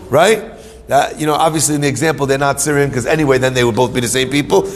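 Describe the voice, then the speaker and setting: Gravelly rabbi preaching in a reverberant hall. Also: male voice, medium pitch, fast. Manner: storytelling, animated, asks and answers his own questions; mixes in Hebrew terms. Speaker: rabbi teaching Torah. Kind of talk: sermon to a live audience. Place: hall with an audience.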